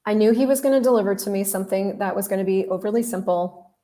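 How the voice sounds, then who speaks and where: A woman's voice: medium pitch, fast talker, mellow. A woman hosting a podcast, telling a story in a casual, candid way, talking straight to her listeners and swearing now and then. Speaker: podcast host.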